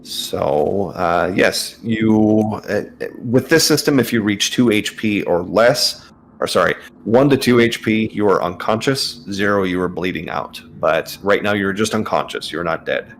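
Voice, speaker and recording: A man narrating as game master of a tabletop game, relaxed, with lots of fillers and laughs. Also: fairly low pitch, measured pace, vocal fry, a little hiss or hum.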